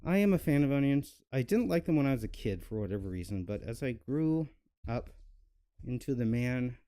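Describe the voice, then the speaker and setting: A man's voice: medium pitch, expressive, a little fast, dark tone. A young man hosting a cooking video, chatting casually and rambling with lots of fillers and self-mocking jokes. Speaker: cooking channel host. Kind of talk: casual cooking vlog chat.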